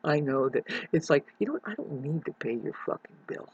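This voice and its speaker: Husky, intense voice in a profane rant. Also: medium pitch, animated, brisk, muffled recording. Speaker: vlogger. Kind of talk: rambling rant to camera. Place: rural mountain home.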